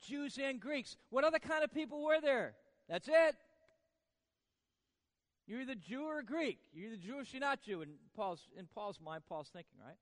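A male pastor preaching a sermon, swinging from hushed to loud and tossing rhetorical questions at the congregation. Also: very high-pitched, lively intonation, normal speed, long reverb tail.

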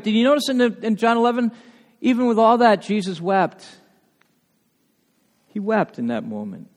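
A man preaching a sermon with emphatic delivery, rising to loud urgent points and dropping to hushed, quiet lines. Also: high-pitched. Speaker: pastor. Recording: long hall reverb.

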